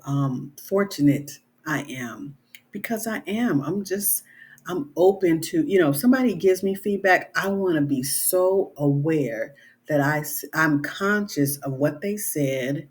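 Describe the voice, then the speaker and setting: A middle-aged woman author talking in a casual vlog, earnest and conversational, often adding "you know" and "right?". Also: sits low.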